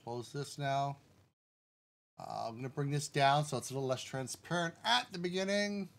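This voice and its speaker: A man streaming live as a game developer, relaxed and thinking aloud as he talks himself through settings step by step and turns now and then to answer his chat. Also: mid-range voice, moderate pace, gravelly. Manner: addresses the chat directly.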